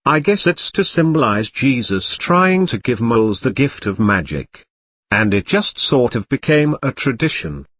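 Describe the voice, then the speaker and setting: Brief: chatty know-it-all boy wizard, read by a man, animated delivery, dry close sound. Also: mid-range voice, unhurried, no room sound. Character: boy wizard, sarcastic, easily amazed.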